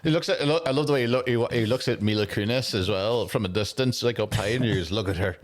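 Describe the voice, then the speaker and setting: A man's voice: medium pitch, fast. A man co-hosting a comedy podcast, rambling and crude, laughing often. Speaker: podcast co-host. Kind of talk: casual comedy chat.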